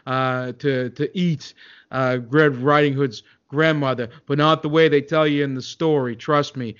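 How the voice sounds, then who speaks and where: Brief: a man of medium pitch, rambling storyteller, gruff with the kids, lots of hesitations, lo-fi recording. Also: steady tone, unhurried, a bit bright. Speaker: comic storyteller doing an impression. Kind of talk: comedy sketch storytelling.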